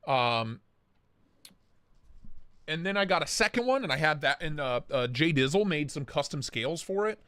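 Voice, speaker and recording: A man hosting a casual knife livestream in a fairly high voice, recorded close and dry with no room sound. He talks in an excitable, hyped way, swearing freely and calling out to viewers in chat. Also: moderate pace, long pauses, clean tone, no echo. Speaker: livestream host reviewing knives.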